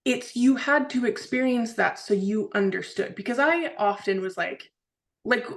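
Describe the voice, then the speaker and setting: A podcast co-host with a voice on the high side chats casually and unhurriedly. She sounds earnest and seems to be searching for her words, restarting often with "like."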